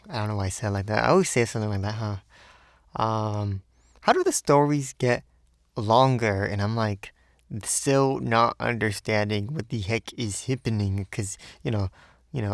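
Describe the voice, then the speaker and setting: A man's voice: on the low side, creaky, fairly bright tone, dry recording, clean studio sound. A man reading an audiobook aloud, then chatting casually and rambling about it afterward. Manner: rambling, self-deprecating chat in the afterword. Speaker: audiobook reader.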